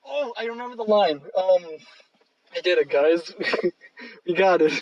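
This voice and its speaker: A podcast co-host rambles casually about movies, dropping in lots of fillers and laughs. His high-sitting, slightly mellow voice is expressive and measured, but he's far from the mic and the audio sounds dull.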